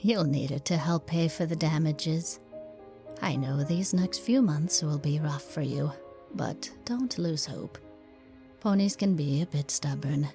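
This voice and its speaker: A woman voicing a kindly elderly grandmother pony who talks in a gentle, reassuring way in a fan audio drama. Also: sits low, a little slow, faint music behind. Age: older.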